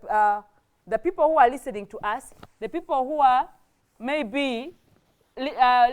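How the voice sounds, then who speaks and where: A woman's voice: fairly high pitch, a little mellow, clear, resonant tone. A woman with a Ugandan English accent teaching a classroom grammar lesson, explaining step by step and asking rhetorical questions.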